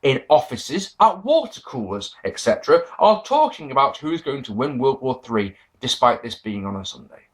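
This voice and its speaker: A man's voice: mid-range voice, sing-song, moderate pace, hardly any pauses. A man reviewing an old wrestling show in a casual, sarcastic monologue, swearing freely and mocking what he watched. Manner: sarcastic, profane, mock-quoting people.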